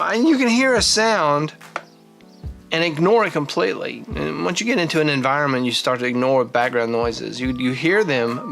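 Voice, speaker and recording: A man's voice: fairly high pitch, creaky, a bit bright. A man in his forties hosting his own vlog, talking casually and thinking aloud with frequent restarts. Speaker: vlog host. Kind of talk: casual talking-head monologue.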